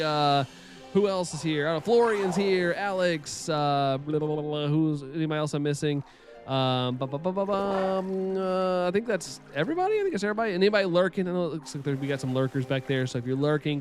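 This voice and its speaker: A man chatting casually with his live-stream viewers, rambling and laughing often. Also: a little high.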